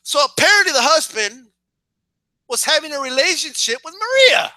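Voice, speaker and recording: A man in a casual comedic rant, profane and animated, who keeps asking "right?" to his listeners. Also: very high-pitched, normal speed, dry recording. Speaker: vlogger.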